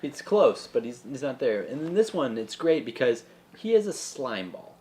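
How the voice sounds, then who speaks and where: A man co-hosting a podcast, chatting casually and joking about a movie in a rambling, expressive way. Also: medium pitch, moderate pace. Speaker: podcast co-host.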